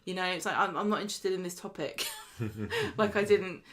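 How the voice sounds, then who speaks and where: A woman, co-hosting a podcast in casual chat, animated and argumentative, often laughing. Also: fairly low pitch, fairly quick. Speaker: podcast co-host.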